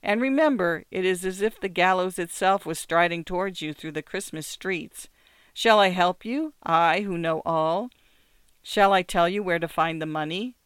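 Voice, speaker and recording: A man voicing a suave, courteous male devil who speaks pleasantly and calmly. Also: sits high, normal speed, clear, resonant tone, no echo. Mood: smooth, polite.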